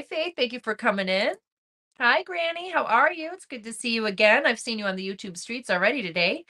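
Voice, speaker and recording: A woman's voice: on the high side, pushed and bright. A woman hosting a crochet livestream, chatting casually and greeting viewers by name as she reads the chat. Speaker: crochet channel host.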